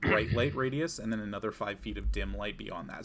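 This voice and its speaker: A man narrating a tabletop game as game master, in a relaxed, descriptive way with fillers. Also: fairly low pitch, fairly quick, vocal fry, slight background noise.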